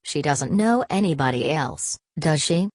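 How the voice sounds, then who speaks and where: A woman's voice: low-pitched, animated, unhurried, darkish tone, no echo. A woman reading the lines of a furious, bewildered young male airman who keeps demanding answers, in an audiobook. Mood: insistent. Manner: insistent, demanding questions.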